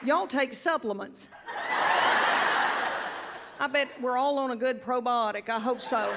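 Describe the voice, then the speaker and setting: A woman's voice: on the high side, heavy background noise. Southern woman in her fifties doing stand-up. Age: 50s. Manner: folksy, chatty, drawling. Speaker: stand-up comedian. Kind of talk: stand-up comedy. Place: live comedy venue with audience.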